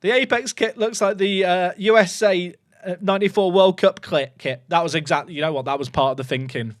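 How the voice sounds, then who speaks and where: A young man streaming a football management game, talking to his chat in an excitable, jokey way that swings from loud cheering to muttered asides. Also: sits high, a little fast, dry recording, studio quality. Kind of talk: live gameplay commentary to chat.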